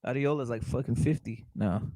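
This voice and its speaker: A man's voice: medium pitch, fairly quick, warm tone, no room sound, poor audio. A young man hosting a casual boxing chat show, blunt and profane, repeating himself and calling his viewers brother as he reacts to live chat. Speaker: boxing talk show host.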